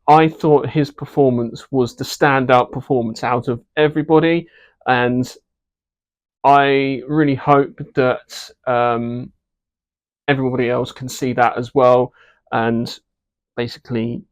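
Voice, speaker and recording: A man giving a casual, unscripted movie review, hesitant and filling pauses with ums and uhs while voicing frank opinions. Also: mid-range voice.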